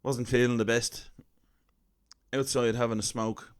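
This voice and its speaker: This comedian storyteller, an Irish-accented man in his thirties, speaks in a mid-range voice that's clear and resonant. His delivery is flat and a little slow as he spins a wry, self-mocking comic tale in a chatty style.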